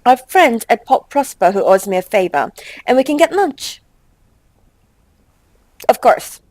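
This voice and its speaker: A young woman hosting a game let's play, chatting with quick exasperated asides and reading game text aloud. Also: a little high, big pitch swings, darkish tone, no echo, low-quality recording.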